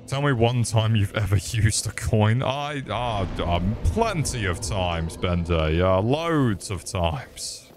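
A young British man giving live gameplay commentary, excitable and sweary as he chats with viewers. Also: fairly low pitch, slow, hardly any pauses, over music. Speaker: streamer.

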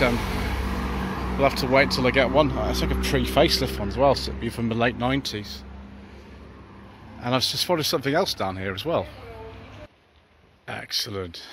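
Strolling outdoors through town, this British car-channel host spots vehicles and talks eagerly to his viewers in a walking car-spotting vlog. His British English comes out medium-pitched, pushed and bright over street noise.

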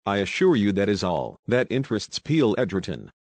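A man voicing a cool, scornful scheming society woman, speaking calmly and lightly mocking. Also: on the low side, moderate pace, no echo.

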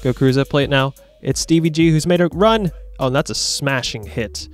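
A young man giving casual, excitable commentary over his own football video game match, reacting loudly to the plays. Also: medium pitch, moderate pace, soft background music. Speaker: gaming YouTuber.

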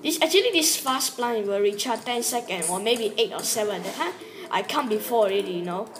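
A woman with a fairly high voice talks through her gameplay in a loose, rambling way. Her English is broken, and she often talks to herself mid-play. Lively game music runs behind her. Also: a little fast. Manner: rambling, broken English, chatty with self-talk. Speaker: gameplay commentator. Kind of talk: casual game commentary.

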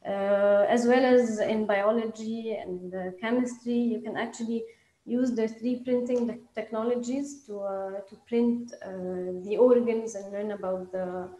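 A woman giving a startup pitch presentation, hesitant, with many fillers and restarts. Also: steady tone, measured pace, dark tone, echoey room, low-quality recording.

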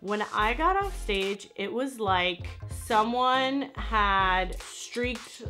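Bright, animated woman vlogger. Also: medium pitch, extremely slow, soft background music. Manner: animated, blunt, swears when annoyed. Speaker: beauty vlogger. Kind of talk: casual product review to camera.

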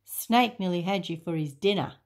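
A woman voicing a wise jungle giraffe who speaks gently, like a teacher. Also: lowish voice, normal speed, close to an everyday voice. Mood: gentle.

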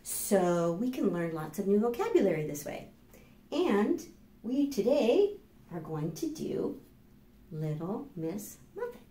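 A woman children's librarian leading a storytime, animated and sing-song, talking encouragingly to young kids and their grown-ups. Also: mid-range voice, takes it slowly. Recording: roomy room echo.

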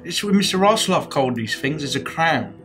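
A man's voice: on the high side, sing-song, fairly quick, fairly bright tone, soft background music. A man playing a tabletop game, playful and theatrical. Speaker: player.

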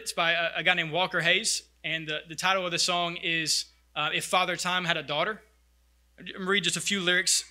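A man's voice: fairly high pitch, pushed and bright. A man preaching a sermon as pastor, earnest and reflective.

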